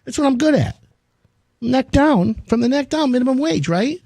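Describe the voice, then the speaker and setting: On a talk radio show, a male host chats casually from the studio, telling jokey stories and taking listener questions. His voice is very high and expressive, with vocal fry and a slightly mellow quality, at normal speed. There's no echo.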